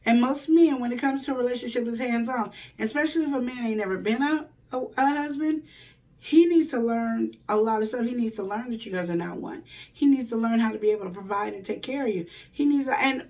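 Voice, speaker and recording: A woman's voice: a little high, fairly quick, a little mellow, far from the mic. A woman hosting a relationship advice show, talking in a folksy, preachy way and acting out the quoted lines. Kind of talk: casual advice monologue.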